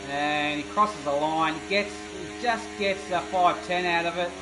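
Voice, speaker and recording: A man commentating a sim racing qualifying session, excitable and rambling with fillers. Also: fairly high pitch, unhurried, music in the background. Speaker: race commentator. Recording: noisy background of engine sounds. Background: racing car engine noise.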